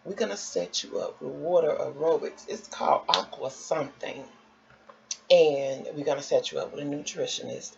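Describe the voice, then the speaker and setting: Lady doing a calm doctor guy, lower and soft, dull lo-fi sound. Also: gravelly, heavily acted. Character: calm reassuring male doctor. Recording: dull lo-fi with faint noise.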